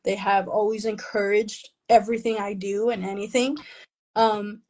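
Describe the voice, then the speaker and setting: A woman author from a Mexican family, raised in the US, is interviewed and talks casually with self-deprecating humor, laughing often and mixing Spanish phrases into her English. Her medium-pitched voice is a little mellow and flat, at normal speed, in a rough recording.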